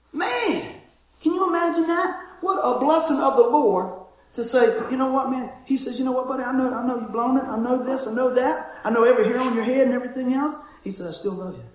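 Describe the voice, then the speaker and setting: Man, preacher, high voice, conversational sermon, excitable, hushed to shouting, very echoey room.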